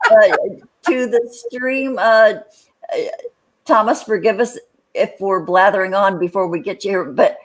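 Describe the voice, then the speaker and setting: A woman's voice: medium pitch, a little slow. An older woman hosting a casual live chat on a video call, rambling with lots of fillers. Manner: rambling, many fillers and restarts. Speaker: host.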